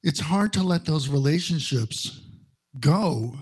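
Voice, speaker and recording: A middle-aged male minister giving a sermon, telling personal stories in a slow, conversational way with wry humor. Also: fairly high pitch, lively intonation, a little mellow, husky.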